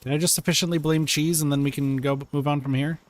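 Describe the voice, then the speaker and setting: A man's voice: a little high, fairly even intonation, fast. A man streaming a game live, chatting playfully, reading and answering chat and reacting to the game as he plays. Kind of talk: live gameplay commentary. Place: home room.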